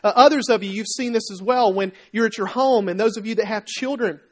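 A man delivering a sermon in an animated, conversational style. He tells everyday stories and briefly plays the people in them, then turns to ask his listeners questions. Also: high-pitched, a little fast. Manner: animated storytelling, acting out quoted voices; conversational, asks the congregation questions. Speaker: pastor.

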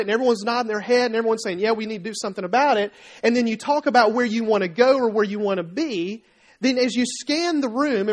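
Guy preaching, conversational, acts out little stories and voices, keeps asking the crowd stuff. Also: very high voice. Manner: animated storytelling, acting out quoted voices; conversational, asks the congregation questions. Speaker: pastor. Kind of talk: sermon.

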